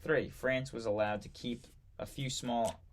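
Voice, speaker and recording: A man reading aloud from an old history textbook, halting now and then to correct himself and add brief asides. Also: mid-range voice, fairly even intonation. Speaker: history reader.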